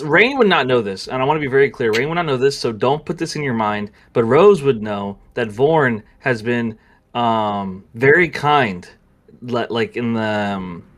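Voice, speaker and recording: A man's voice: mid-range voice, a little hiss or hum. Male game master, mid voice. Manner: explanatory, hesitant with fillers. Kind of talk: narrating a tabletop game.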